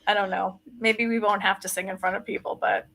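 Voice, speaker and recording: A woman's voice: mid-range voice, little pitch movement, fairly quick, fairly bright tone. A woman guest in a casual interview, chatty and joking about herself. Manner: chatty, self-deprecating humor.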